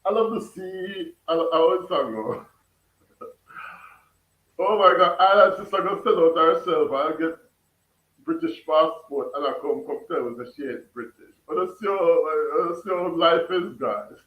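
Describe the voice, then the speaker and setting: A Jamaican man chats casually on a livestream, laughing and firing questions back at his viewers. His voice sits a little high for a man. He is set back from the mic in an echoey room. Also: moderate pace, distant mic, phone-quality sound. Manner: laughs often, questions his chat, mixes patois. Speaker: livestream host reading chat. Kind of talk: casual chat.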